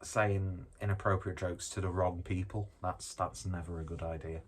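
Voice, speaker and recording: A man's voice: low voice, steady tone, normal speed, husky. A man reviewing a beer in a casual, rambling way, joking about himself and swearing now and then. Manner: rambling, jokey, self-deprecating, swears casually. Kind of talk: casual tasting chat.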